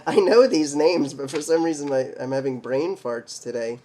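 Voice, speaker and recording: A man hosting a card collecting video, slowly reading names off cards, stumbling over some and making little jokes to himself. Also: on the high side, mellow. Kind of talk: casual mail day card showcase.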